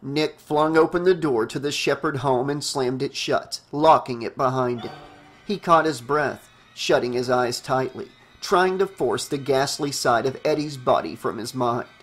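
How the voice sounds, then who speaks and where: A man who hosts his own channel, reading a horror novel aloud in a steady, deliberate storytelling manner. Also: mid-range voice, soft background music. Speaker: audiobook narrator and channel host. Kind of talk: audiobook narration.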